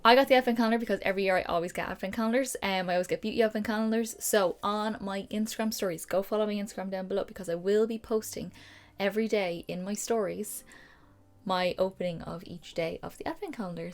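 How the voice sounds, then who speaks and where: A woman's voice: mid-range voice, quick pace. A young woman, chatting and rambling enthusiastically in a casual beauty haul vlog at home. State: out of breath. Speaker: beauty vlogger. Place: home room with holiday decor.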